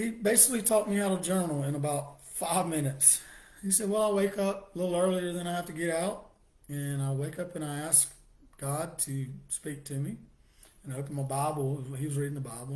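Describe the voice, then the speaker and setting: A middle-aged man tells his personal testimony with hesitation, his voice a touch high. He now and then breaks into soft laughter and restarts what he was saying.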